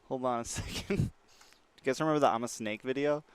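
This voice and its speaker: A man's voice: mid-range voice, moderate pace, clean tone. A young man livestreaming, chatting casually with his viewers and laughing often. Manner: laughs often, talks straight to chat. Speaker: livestreamer and esports caster.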